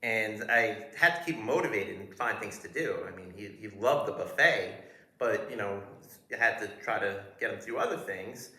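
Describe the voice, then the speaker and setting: A man telling a stand-up story in a rambling, halting way, recorded in a roomy space. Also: on the low side, animated, bright, forceful tone. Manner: rambling, halting delivery with fillers. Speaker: stand-up comedian. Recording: roomy echo.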